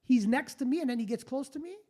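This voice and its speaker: A man, hosting a podcast and telling a story in a casual, animated, blunt way, swearing freely and restarting sentences. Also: very high voice, fast. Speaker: podcast host.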